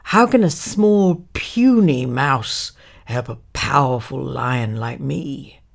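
A woman voicing a mighty male lion who speaks slowly and with scorn. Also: extremely low pitch, creaky, exaggerated voice. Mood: scornful. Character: mighty male lion king, proud and stern.

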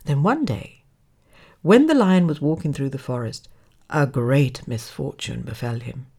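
A woman narrating a children's fable in a dramatic, expressive way, sometimes dropping to a hush. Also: a bass voice, measured pace, breathy edge. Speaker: storyteller.

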